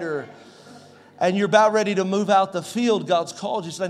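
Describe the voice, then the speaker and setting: A pastor in his forties preaching a sermon in a conversational way, swinging from loud to soft. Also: sits high, moderate pace, faint music behind. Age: 40s.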